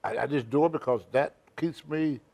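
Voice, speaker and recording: A man's voice: medium pitch, normal speed, creaky, mellow. An older man, a senior citizen, telling emphatic, rambling stories with loose grammar as an interview guest. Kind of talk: shoot interview storytelling.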